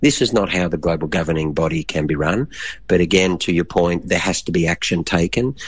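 A man from Australia, a sports analyst, answering interview questions earnestly, pausing with fillers. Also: deep voice, husky, dry recording.

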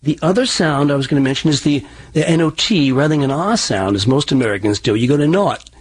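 A man's voice: medium pitch, fast, breathy edge. A man working as a dialect coach, explaining accent sounds in an interview, often restarting and repeating words. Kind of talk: interview answers.

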